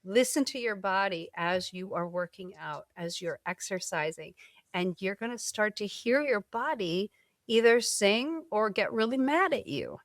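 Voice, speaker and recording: A woman hosting a podcast interview, talking in an animated, expressive way with casual filler words. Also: medium pitch, measured pace, no echo, clean studio sound. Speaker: podcast host. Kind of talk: conversational interview.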